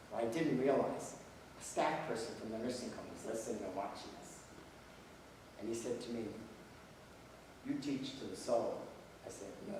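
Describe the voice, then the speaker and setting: A man's voice: mid-range voice, a little mellow, slight background noise. Older male lecturer, folksy storyteller, distant mic in a very echoey room. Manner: folksy anecdotal storytelling with quoted dialogue. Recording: echoey hall, voice from far off.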